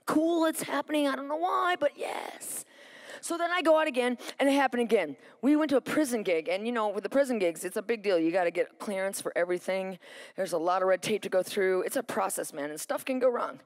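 A woman preaches a sermon by telling her own story with lively energy. She acts out the thoughts she had along the way. She keeps calling to the listeners for an answer. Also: mid-range voice, fast talker. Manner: asks the audience for responses. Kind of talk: sermon with personal testimony.

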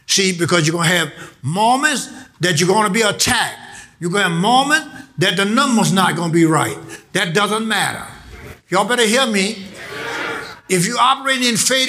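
A male pastor preaching a sermon in call-and-response style. He repeats phrases for emphasis and builds up to shouts. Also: high-pitched, lively intonation, moderate pace.

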